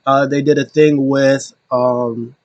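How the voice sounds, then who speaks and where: A man talks through a wrestling recap in a loose, rambling way, full of ums and restarts. His voice sits at a middle pitch. The sound is dry and close, with no room around it. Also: flat delivery, slow pace, no room sound, lo-fi sound. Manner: rambling, filler-heavy, jumps into quoted voices. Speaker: wrestling show recap host. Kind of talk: casual solo recap.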